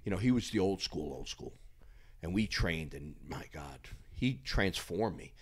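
Loud, profane storytelling man. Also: deep voice, expressive, measured pace, husky. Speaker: podcast guest, former bodybuilder. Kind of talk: casual storytelling chat.

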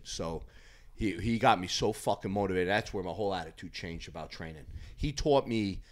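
A man in his fifties, a former bodybuilder and podcast guest, telling loud, profane, animated gym stories. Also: deep voice, normal speed. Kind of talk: casual storytelling chat.

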